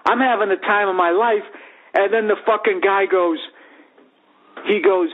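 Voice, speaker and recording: A man in his forties hosts a podcast and tells a profane, comedic story at normal speed, animatedly acting out the voices of the other people in it. His voice sits high, and the sound is tinny and phone-like.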